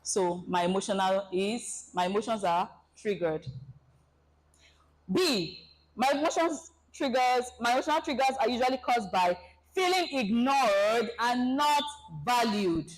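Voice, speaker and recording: Animated woman giving a seminar. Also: a little high, measured pace, poor audio. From Nigeria. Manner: animated, acts out scenarios. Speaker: relationship seminar speaker. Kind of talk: presentation talk to an audience.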